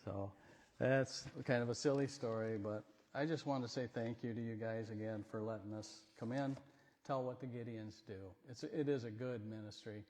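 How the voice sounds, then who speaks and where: A man's voice: mid-range voice, fairly even intonation, normal speed. Man telling homespun stories in a church. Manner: rambling, homespun, gently joking. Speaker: visiting Gideons speaker. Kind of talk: folksy storytelling talk in church. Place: church sanctuary. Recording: long church hall reverb.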